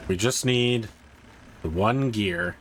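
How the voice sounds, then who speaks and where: Low-voiced man chatting over gameplay. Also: slow, faint music behind. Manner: chatty, thinking aloud, rising when excited. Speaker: gaming streamer. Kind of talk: casual gameplay commentary.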